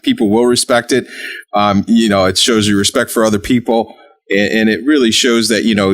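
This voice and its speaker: A man with a lowish voice hosting a podcast interview. He talks in a relaxed, agreeable way and affirms what his guest says. The sound is dry and close, with little room echo. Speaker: podcast host. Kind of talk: conversational interview.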